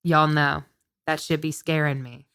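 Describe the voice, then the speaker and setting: A woman's voice: low voice, little pitch movement, a little slow, a bit bright, smooth. A woman co-hosting a podcast in casual chat, sarcastic and joking, swearing freely. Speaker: podcast co-host.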